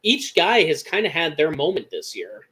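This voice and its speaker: A young man with an American Midwest accent co-hosting a casual sports podcast, talking excitedly and rambling with lots of restarts. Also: fairly high pitch, moderate pace. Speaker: podcast co-host.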